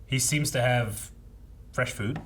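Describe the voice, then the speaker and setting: A man's voice: medium pitch, takes it slowly, a bit bright. A young man co-hosting a reaction show, talking through his thoughts casually with plenty of fillers. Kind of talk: casual discussion. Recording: faint background noise.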